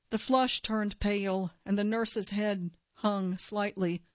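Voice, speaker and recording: A woman reading a magazine story aloud for a reading service in a plain, measured way. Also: mid-range voice, fairly even intonation, no echo. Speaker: volunteer reader for a reading service. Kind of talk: scripted narration of a magazine story. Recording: dull dry broadcast recording.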